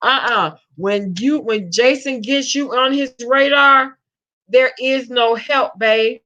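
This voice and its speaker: A woman's voice: high voice, slow pace, bright, forceful tone. A woman chatting casually on a live stream, reading the chat and calling viewers babe. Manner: chatty, Southern slang, greets viewers as babe. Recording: lo-fi dull stream audio.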